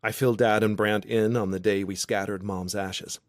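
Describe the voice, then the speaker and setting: A man narrating a romance audiobook in the first person, wry and expressive. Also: fairly low pitch, normal speed, no room sound, clean studio sound. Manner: wry, expressive, self-deprecating.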